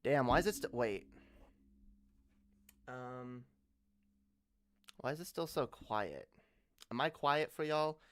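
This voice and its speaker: A man's voice: mid-range voice, lively intonation, takes it slowly, long pauses, clear, resonant tone. A man hosting a casual livestream, joking loosely and swearing, sprinkling "yo" everywhere while he fiddles with a new microphone. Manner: slangy, profane, peppered with "yo"; loose, joking, tinkering with a new mic mid-talk. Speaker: livestream host. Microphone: new desk mic with pop filter.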